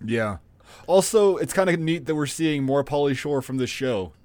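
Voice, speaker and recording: A man co-hosting a podcast in casual chat, animated and swearing, slipping into mocking voices. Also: moderate pace, no room sound. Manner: animated, swearing, mimics customers in a high voice. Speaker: podcast co-host.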